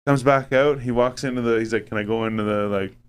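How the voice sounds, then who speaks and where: A man's voice: mid-range voice, fast, smooth. A man on a podcast telling a long, profane story in a casual chat, acting out the voices of the people in it. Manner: profane, animated, acts out quoted voices. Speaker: podcast host.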